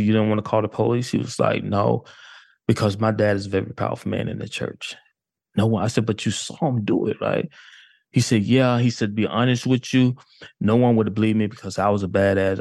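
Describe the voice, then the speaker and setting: A man's voice: lowish voice, vocal fry, dry recording, clean studio sound. A man, a detective, telling a case story in a casual way and acting out what people said. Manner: animated retelling with quoted dialogue. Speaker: detective guest.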